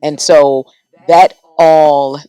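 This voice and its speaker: Lively middle-aged woman radio personality. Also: deep voice, extremely slow, clean tone, no echo. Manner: lively, animated storyteller acting out quotes. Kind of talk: casual podcast storytelling.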